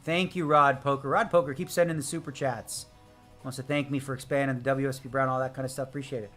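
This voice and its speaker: A man's voice: mid-range voice, steady tone, fast talker, a bit bright. Man, poker streamer, casual chat, brash, joking, answers viewers, mid-range voice, faint background music. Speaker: poker player live-streaming. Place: home streaming setup.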